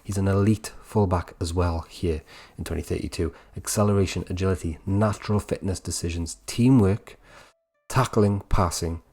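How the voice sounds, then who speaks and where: A Welsh man with a low voice talks through a video game in a loose, conversational voice-over. He reels off player stats one after another and keeps checking in with a quick "right?". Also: steady tone, darkish tone, slightly rough. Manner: chatty, rattles off stats, keeps asking "right?". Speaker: gaming channel host. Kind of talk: casual game commentary voice-over.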